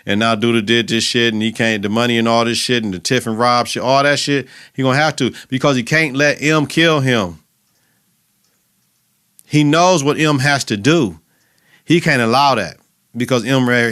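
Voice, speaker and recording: Animated, profane man recapping a TV episode. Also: medium pitch, smooth. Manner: animated and profane, acts out scenes. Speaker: podcast host.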